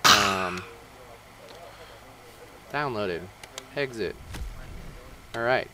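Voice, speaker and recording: A man's voice: fairly low pitch, extremely slow. A man co-hosting a casual live stream, laid-back with dry remarks. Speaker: stream co-host. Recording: distant mic with faint noise.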